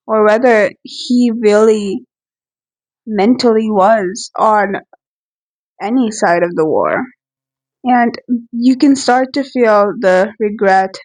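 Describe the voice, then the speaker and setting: A woman reads lines of a war poem aloud and then unpacks them in an unhurried, musing way. She speaks slowly, stopping often and restarting her thoughts as she goes. Her voice sits at an ordinary middle pitch for a woman. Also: poor audio. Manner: reflective, musing, frequent pauses and restarts. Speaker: poetry reviewer. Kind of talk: casual poem analysis, reading lines aloud.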